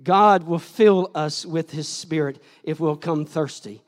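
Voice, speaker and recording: An older male pastor delivers a sermon in a church, unhurried and deliberate. He swings from hushed near-whispers to loud shouts as he presses toward an altar call. His voice rings with the long reverb of a large sanctuary. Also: on the high side.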